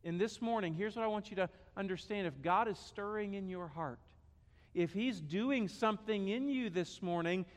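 A man's voice: high-pitched, normal speed. A man preaching a sermon, emphatic and repeating key phrases. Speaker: pastor. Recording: echoey hall.

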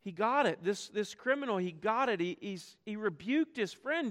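High-voiced preacher man in a reverberant hall. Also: expressive, moderate pace, few pauses. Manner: impassioned, acts out quoted voices, drops to quiet emphasis. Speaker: pastor. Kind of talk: sermon.

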